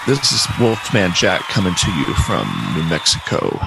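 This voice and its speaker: A man putting on the voice of a smooth late-night radio DJ, with hammy announcer patter. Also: low-pitched, sing-song, normal speed, a crowd in the background, background noise, voice pushed down, exaggerated voice. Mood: groovy.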